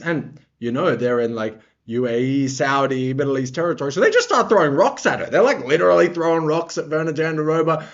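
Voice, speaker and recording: A man's voice: on the high side, a little fast, hardly any pauses, lo-fi sound. A man giving casual, rambling reaction commentary on fights as a vlogger. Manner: rambling, excitable.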